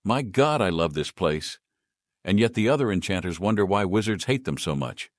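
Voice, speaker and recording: A man's voice: low-pitched, expressive, moderate pace, no room sound, pitched above the performer's own voice. Brief: a man playing a jolly elf wizard, voice lifted, dry recording. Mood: cheerful. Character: cheerful male elven wizard customer.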